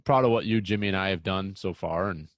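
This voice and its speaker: A young man hosting a casual hunting podcast, telling rambling, excitable stories. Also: low-pitched, fairly quick, no room sound. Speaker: podcast host.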